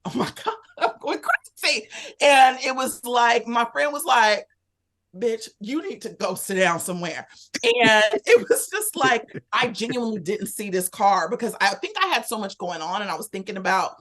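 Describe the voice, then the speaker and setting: A woman, a podcast guest, telling a personal story in a candid, animated way, acting out her own thoughts as she goes. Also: fairly high pitch, normal speed. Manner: animated, candid, lively retelling with quoted inner thoughts. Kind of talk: casual conversational storytelling.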